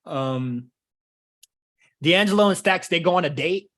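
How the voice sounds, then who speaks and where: A man's voice: a little high, measured pace, fairly bright tone. A man co-hosting a wrestling podcast in loose, joking, profane casual chat. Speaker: podcast co-host.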